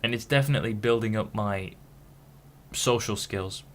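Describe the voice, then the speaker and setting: A young man from Hull talking frankly to camera in a rambling monologue, often stopping and restarting his sentences. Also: on the low side. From Hull, England. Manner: frank, halting, many restarts. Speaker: vlogger.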